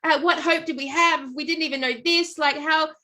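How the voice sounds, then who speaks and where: A woman talks with a slightly high voice in casual conversation. She tells stories in an animated, rambling way, full of fillers and restarts. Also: fairly quick. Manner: animated storytelling with many fillers. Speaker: podcast co-host. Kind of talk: casual chat.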